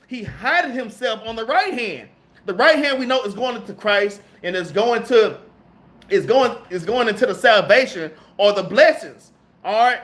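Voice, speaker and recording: A man with a strikingly high voice preaches to his class in loose, everyday slang. He reads scripture aloud and then riffs on it, tagging "man" and "all right?" onto nearly every sentence. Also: fairly bright tone. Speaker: preacher teaching a Bible class. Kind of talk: street-style sermon.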